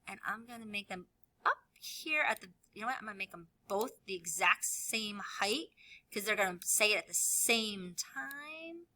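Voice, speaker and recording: A woman teacher walking children through a tutorial in a sing-song voice, now and then dropping to a soft whisper. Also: mid-range voice, lively intonation, normal speed. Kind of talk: screen-recorded classroom tutorial.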